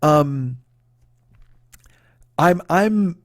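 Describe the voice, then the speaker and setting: A man's voice: on the high side, lively intonation, drawn-out words, dry recording, clean studio sound. A man in his forties hosting a solo comedy podcast, telling a long, rambling and profane personal story that he keeps restarting and apologizing for. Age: 40s. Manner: profane, rambling, candid and confessional.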